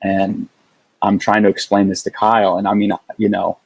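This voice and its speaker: Low-voiced man telling a story, halting. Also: flat delivery, gravelly, a little mellow, slightly rough, no echo, rough recording. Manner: halting, many restarts and fillers. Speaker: podcast guest. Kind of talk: casual storytelling.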